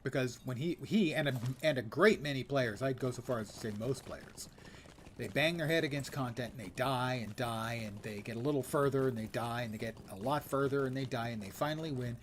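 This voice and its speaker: A man's voice: medium pitch, a little fast, a little hiss or hum. An older man giving casual, wry commentary while streaming a game and reading quest text aloud.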